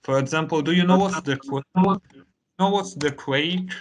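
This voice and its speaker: A man whose first language is Italian, teaching an English lesson in a relaxed conversational way with lots of fillers. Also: fairly high pitch, a little hiss or hum. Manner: unhurried, many "you know" fillers.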